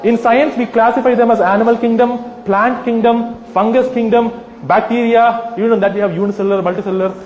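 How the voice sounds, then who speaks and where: A man's voice: extremely high pitch, steady tone, a little fast, few pauses, a little mellow, echoey room, long reverb tail, highs cut off, a little hiss or hum. A man addressing a live audience, arguing with rhetorical questions and acted-out scenarios, sometimes mocking voices. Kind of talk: animated persuasive talk with acted-out scenarios.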